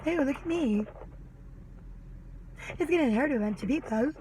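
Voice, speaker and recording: A woman's voice: sits high, lively intonation, moderate pace, dark tone, a little hiss or hum, pitched above the performer's own voice, rough recording. A woman doing a mocking impression of a smug, falsely cheerful public man. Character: smug male public figure, mocked.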